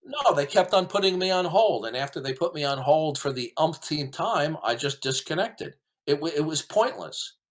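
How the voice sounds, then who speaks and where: A man's voice: fairly high pitch, animated, moderate pace, few pauses. A man arguing combatively on a podcast, indignant and full of rhetorical questions. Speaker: caller recounting a call-in debate. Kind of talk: argumentative podcast talk.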